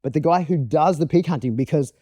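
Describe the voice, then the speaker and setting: An Australian man chats casually as a guest dog trainer. His voice is mellow and a little dark, recorded dry and close. He tells animated stories and puts on voices for the people and animals in them. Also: on the high side, fairly quick, no room sound. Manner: animated storyteller, acts out voices. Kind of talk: casual podcast chat.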